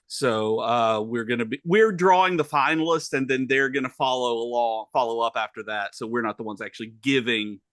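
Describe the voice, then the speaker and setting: A man with a Southern US accent, co-hosting a podcast and talking in a halting way full of uhs. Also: mid-range voice, a bit bright, no echo. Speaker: podcast co-host. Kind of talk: casual chat.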